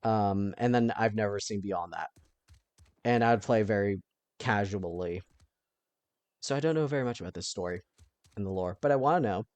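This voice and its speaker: A man's voice: on the low side, normal speed, pauses often, dry recording. Chatty man narrating his gameplay. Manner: chatty, thinking aloud, bursts into panicked yelling. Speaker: let's play host. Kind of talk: casual gameplay commentary.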